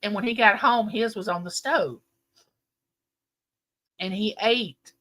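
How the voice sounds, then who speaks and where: A middle-aged woman hosting a livestream slowly tells her audience a long family story in a casual way. Her mid-range voice is animated, and she tells it with plenty of emphasis.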